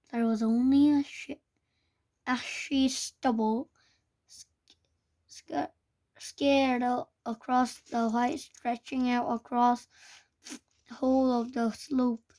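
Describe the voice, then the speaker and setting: A woman reading a children's book aloud in a halting way, stumbling and restarting words. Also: a little high, a little mellow. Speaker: reader.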